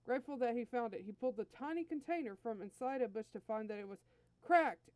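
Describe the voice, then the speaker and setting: A woman's voice: fairly high pitch, animated, fast talker, a little mellow, dry recording. A woman host reading fan fiction aloud in an easygoing, friendly storytelling manner. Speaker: story reader, channel host.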